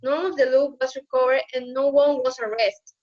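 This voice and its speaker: A teenage girl with a high voice reads her school presentation carefully, her phrasing a little awkward. The audio is slightly dull. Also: steady tone, normal speed, a little mellow. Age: teens. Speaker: student presenter. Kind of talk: reading a prepared school presentation.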